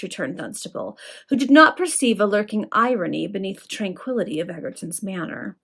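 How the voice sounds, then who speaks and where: A woman's voice: medium pitch, fairly quick, a bit bright. Woman reading a novel aloud. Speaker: reader.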